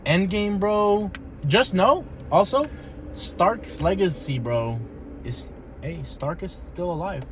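A young man rants eagerly as a podcast co-host, his voice pitched a little high. He swears freely and keeps saying "bro". A faint background hiss sits under his voice. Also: slow pace. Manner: excitable and profane, says "bro" a lot. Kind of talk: casual chat.

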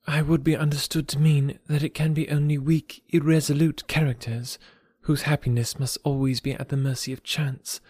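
A man voicing a reserved young woman who speaks in a measured, quietly earnest way. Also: on the high side, husky, no echo, clean studio sound.

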